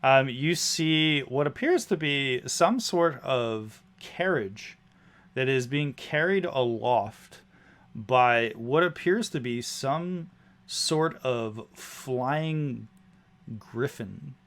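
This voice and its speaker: A man's voice: medium pitch, expressive, extremely slow, a bit bright. A man narrating a tabletop game as game master, describing scenes with casual fillers.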